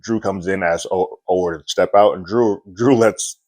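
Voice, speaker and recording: A man's voice: sits low, moderate pace, a little mellow. A man casually recapping a TV episode, talking loosely with lots of "like" and restarts. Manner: loose, chatty retelling with frequent "like" and restarts. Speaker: TV reviewer.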